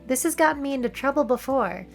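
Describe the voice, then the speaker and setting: A woman's voice: high voice, lively intonation, fast talker, creaky, soft background music. A woman from California with a Valley Girl accent, hosting a playful, wry commentary over film clips. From San Francisco area, California. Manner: playful, wry, joking asides. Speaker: video essay host.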